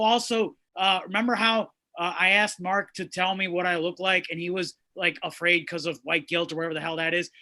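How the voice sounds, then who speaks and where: A man co-hosting a comedy show, riffing loudly with rambling, profane jokes. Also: sits high. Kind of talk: stand-up banter.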